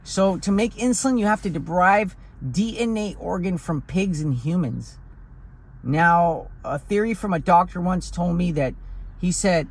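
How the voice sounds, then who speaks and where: A man's voice: sits high, normal speed. A man talking in a blunt, profane, rambling way in a casual vlog, recorded outdoors on a hill. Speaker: vlogger.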